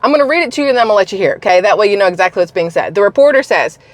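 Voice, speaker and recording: A woman vlogger talks straight to her viewers in a casual, scornful rant, hitting her points hard. Her voice sits at an ordinary middle pitch. It is recorded close and dry, with no room sound. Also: animated, racing, no echo. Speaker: political commentary vlogger. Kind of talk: casual opinion rant to camera.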